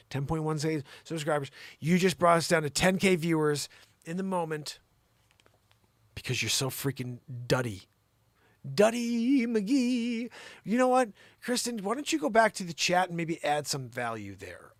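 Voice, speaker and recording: A man hosting an improvised live comedy show, teasing a co-host in mock exasperation and lurching between loud outbursts and low mutters. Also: animated, moderate pace, dry recording.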